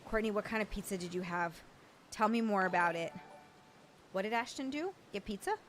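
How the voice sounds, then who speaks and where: A woman's voice: medium pitch, fairly quick, a bit bright, a little hiss or hum. A young adult woman hosting a casual livestream chat, stammering and swearing in happy disbelief as she thanks viewers. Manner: overwhelmed, stammering, laughing and swearing. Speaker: livestream host.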